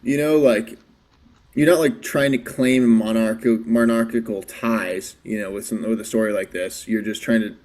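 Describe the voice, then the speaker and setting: A man's voice: lowish voice, fairly even intonation, normal speed, a little mellow. A man as a podcast guest in casual chat, hesitant and thinking aloud with frequent restarts.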